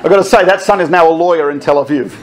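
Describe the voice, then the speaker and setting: A middle-aged man telling army stories to an audience, animated and laughing often as he quotes others. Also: on the high side, rapid-fire, a crowd in the background. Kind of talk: storytelling talk.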